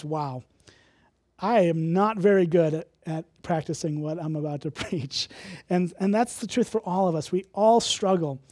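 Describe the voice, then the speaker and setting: A man's voice: high-pitched, dark tone, no echo, studio quality. A man from Illinois preaching a sermon, candid and conversational, with self-deprecating humor. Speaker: pastor.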